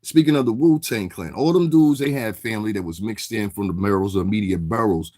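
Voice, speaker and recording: A man's voice: on the low side, fairly quick, mellow, dry recording, clean studio sound. A man, hosting a casual stream and rambling through street-slang commentary while answering viewers in chat. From New York City area. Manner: rambling, streetwise slang, keeps asking "you understand what I'm saying". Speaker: livestream host.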